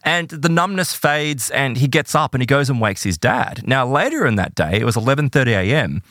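A man telling an eerie true story in a casual podcast chat, animated and full of "right?" and "like". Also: medium pitch, fairly quick, no room sound, clean studio sound.

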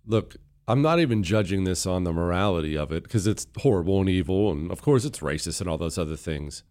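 A male commentator with a fairly low voice delivers opinion talk. He sounds sarcastic and scornful, and he drives his points home by repeating them. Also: animated, fairly quick, a little mellow. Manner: sarcastic, scornful, emphatic repetition. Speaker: political commentator.

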